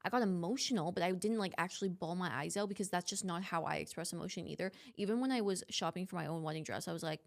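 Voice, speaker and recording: Reflective woman podcaster, low voice. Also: quick pace, creaky, few pauses. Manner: reflective, heavy use of "like". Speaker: podcast co-host. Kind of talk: casual chat.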